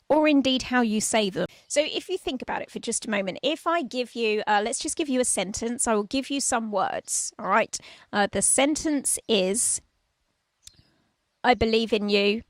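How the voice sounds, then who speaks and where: A woman's voice: a little high, no echo. A woman giving parenting advice in a conversational, emphatic way, holding a microphone outdoors. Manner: emphatic, conversational, demonstrates tones with her voice. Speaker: parenting coach. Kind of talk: informal talk to camera. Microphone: handheld microphone.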